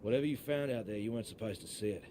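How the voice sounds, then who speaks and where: A man voicing a gruff injured pilot. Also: on the low side, very fast, warm tone, a little hiss or hum, close to an everyday voice. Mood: grim. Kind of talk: video game voice acting.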